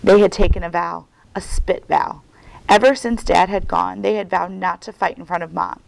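Gravelly-voiced woman reading a children's story. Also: on the low side, moderate pace, rough recording. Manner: expressive storytelling. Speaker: guest reader. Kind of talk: reading a children's novel aloud.

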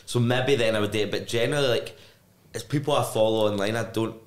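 A man's voice: on the low side, fast. A man, co-hosting a casual podcast chat and talking in a self-conscious, reflective way. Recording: roomy echo.

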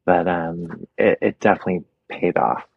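A young adult man with a deep, slightly husky voice shares his story in a relaxed interview. He talks openly and with feeling. The sound is close and dry. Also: moderate pace, dry recording, phone-quality sound. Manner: open, emotional storytelling with soft laughs. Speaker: guest, makeup artist. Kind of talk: casual interview.

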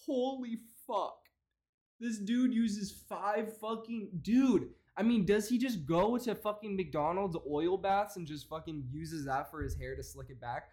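A young man doing casual reaction commentary, profane and mocking with rapid-fire rants. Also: sits high, a little mellow.

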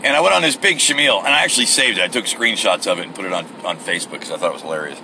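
A man's voice: sits low, expressive, racing, bright, forceful tone, slight background noise, low-quality recording. A middle-aged man hosting a casual solo podcast from his car, telling a rambling story and acting out the people in it with mock voices. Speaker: podcast host. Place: in a car, at a gas station.

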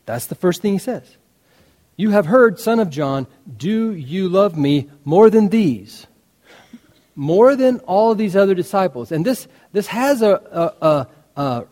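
A man delivers a sermon in a lively, storytelling way. His pitch rises and falls widely as he quotes the characters, pushing harder on the key lines. His voice rings out in a long hall reverb. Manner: animated storytelling preacher, quoting dialogue with rising intensity. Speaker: preacher.

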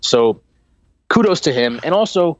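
A man co-hosting a casual football podcast, talking in an animated, rambling way with many restarts. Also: on the high side, measured pace, no room sound, lo-fi sound. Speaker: podcast co-host.

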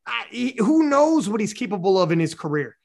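A man with a high voice chatting on a podcast. He is excitable and slangy and swears freely. His talk runs loose and casual. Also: a little fast, vocal fry. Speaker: podcast guest. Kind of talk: casual chat.

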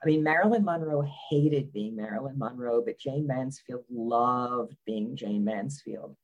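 A woman's voice: extremely low pitch, a little slow, lo-fi sound. Wry, blunt woman guest. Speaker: biographer guest. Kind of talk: conversational interview.

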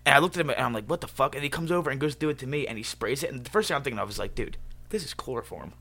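A young man telling stories in an excitable, profane way during a casual chat among friends. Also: mid-range voice, racing.

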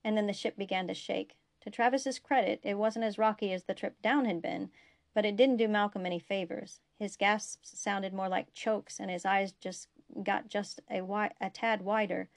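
A woman narrating a science fiction story aloud in a steady, even way. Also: medium pitch, moderate pace, creaky. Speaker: fan fiction reader.

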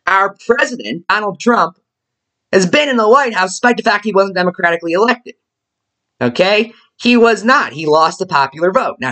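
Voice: fairly bright tone, low-quality recording. Young commentator ranting sarcastically, voice jumping up and down a lot. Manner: sarcastic, ranting, with abrupt pitch jumps. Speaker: political commentator. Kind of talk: political commentary monologue.

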